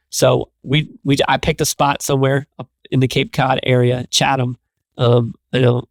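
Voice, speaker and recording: A man guesting on an interview show, telling stories in an energetic, repetitive, casual way. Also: mid-range voice, creaky, dry recording, studio quality. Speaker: guest, business executive.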